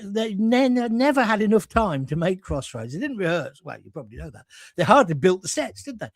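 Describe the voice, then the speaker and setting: Middle-aged male host, animated raconteur, bright high pitch, dry close sound. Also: brisk, dry recording. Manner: chatty, animated storyteller. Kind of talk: live show anecdote chat.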